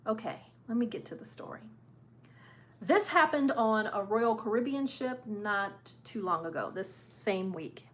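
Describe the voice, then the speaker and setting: A woman's voice: medium pitch, expressive, measured pace. A woman hosting a live cruise news stream, chatting casually, repeating phrases for emphasis and laughing often.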